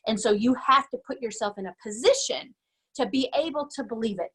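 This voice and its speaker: A woman's voice: a little high, fairly quick, slightly rough. Emphatic woman giving a business talk. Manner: energetic, emphatic, repeats key phrases. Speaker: guest speaker. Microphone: webinar microphone.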